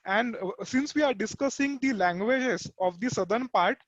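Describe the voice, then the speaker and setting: A man's voice: sits high, moderate pace, fairly bright tone, no echo, lo-fi sound. A man in a casual group discussion, adding a point with hesitant fillers while listing terms. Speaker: discussion participant.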